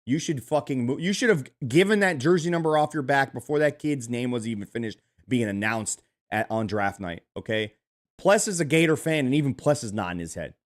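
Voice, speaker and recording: Lively teasing male podcast host. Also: medium pitch, brisk. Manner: teasing, lively, steers the talk. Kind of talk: casual sports podcast banter.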